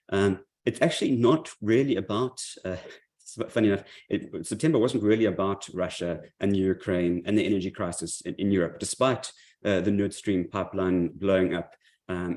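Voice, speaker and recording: A man's voice: low-pitched, darkish tone. A man giving a monthly market update, speaking loosely with many fillers and restarts. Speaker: market commentary presenter.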